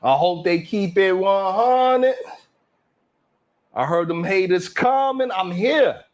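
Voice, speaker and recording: Boastful, trash-talking live stream host. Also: male voice, high-pitched, slow pace. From Brownsville, Brooklyn. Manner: loud, boastful, trash-talking, curses freely. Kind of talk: hyped live stream rant.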